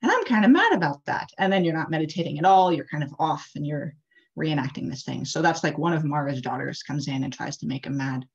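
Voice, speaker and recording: Woman interfaith leader, low voice, casual chatty sermon delivery, muffled video call sound. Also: steady tone, fairly quick, creaky. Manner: casual, chatty, many "like" and "uh" fillers. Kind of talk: storytelling sermon. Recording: dull lo-fi video call audio.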